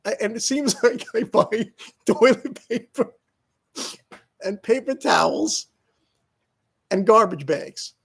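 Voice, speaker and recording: Gravelly, husky man rambling with laughs. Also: high-pitched, lively intonation, takes it slowly, pauses often, fairly bright tone. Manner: rambling, self-mocking, laughing often. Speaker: vlogger. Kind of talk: casual vlog monologue.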